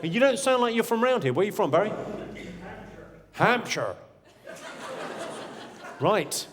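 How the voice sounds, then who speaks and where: A man's voice: high-pitched, very animated, brisk. A man doing stand-up crowd work, teasing audience members in a brash, profane way. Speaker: stand-up comedian. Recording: live show in a large hall with loud crowd.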